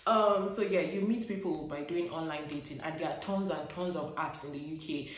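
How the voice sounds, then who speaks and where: A Nigerian woman vlogging in casual chat, telling stories with lively acted-out dialogue. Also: sits low, brisk, very echoey. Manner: animated storytelling, acts out dialogue.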